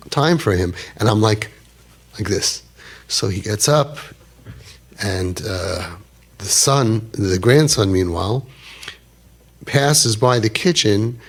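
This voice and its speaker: A man in his fifties telling a personal story animatedly, peppered with Yiddish and Hebrew words. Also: fairly low pitch. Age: 50s. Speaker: storyteller speaker.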